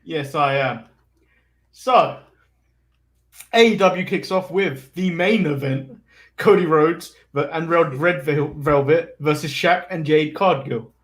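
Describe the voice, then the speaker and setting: A man's voice: on the high side, slow, fairly bright tone. A man co-hosting a casual wrestling review, hesitant and laughing often. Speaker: podcast co-host. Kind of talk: casual comedic chat.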